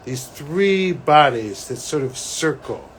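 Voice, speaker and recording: A man, a psychic, talking to camera as he recounts a vision, animated and breaking into excited exclamations. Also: a little high, slow pace, slight background noise, rough recording. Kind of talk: solo talk recounting a vision.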